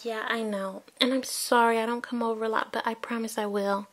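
A woman's voice: a little high, level tone, brisk, fairly bright tone, pitched below the performer's own voice, natural voice. A woman voicing a gushing sweet doll best friend. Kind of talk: doll play-acting.

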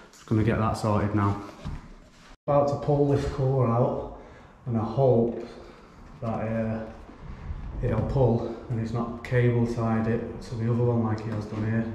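Chatty electrician in an echoey room. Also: male voice, medium pitch, warm tone. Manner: chatty, thinking aloud, wry asides. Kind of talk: casual explanation while working. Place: indoors in a house under renovation. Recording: echoey room with faint background noise.

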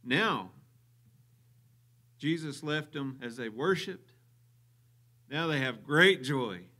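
A man's voice: medium pitch, animated, slow, pushed and bright. A man with a Southern US accent preaching a sermon as pastor, repeating phrases for emphasis and chuckling now and then.

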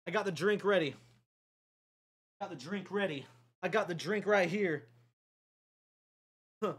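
A young man talks to his stream late at night, his voice sitting high for a man. He rambles, swears freely and gets excitable. The sound is dry and close, with no room around it. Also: slightly rough, no echo.

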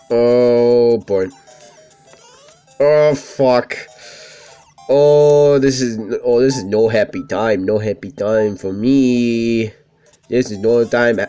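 A man's voice: medium pitch, a little mellow, clear, resonant tone. A young man hosting a let's play, rambling casually, swearing often and laughing at himself. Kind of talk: casual gameplay commentary.

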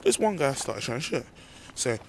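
A young man vlogger with a mid-range, sing-song voice speaks at a measured pace, with a little hiss or hum. Walking home through a car park outdoors at night, he rambles and rants animatedly into a handheld phone in a late-night rant to camera.

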